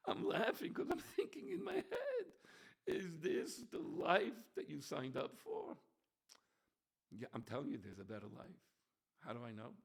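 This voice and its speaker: A man preaching a holiday sermon as a rabbi, animated, swinging between shouting and soft near-whispers. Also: fairly high pitch, a little slow, vocal fry, breathy edge. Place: room with bookshelves.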